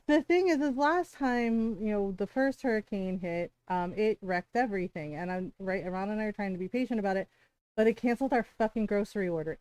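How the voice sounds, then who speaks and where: Chatty woman streamer, smooth voice. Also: medium pitch, darkish tone, no echo. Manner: chatty, peppered with "like" and "right?"; swears freely when exasperated. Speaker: livestreamer. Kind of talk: casual storytelling chat.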